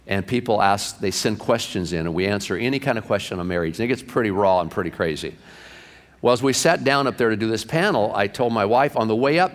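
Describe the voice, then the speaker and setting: A middle-aged man, a pastor, telling stories in a folksy, chatty sermon style, often dropping "man" into his lines. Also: lowish voice. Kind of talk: storytelling sermon. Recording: long hall reverb.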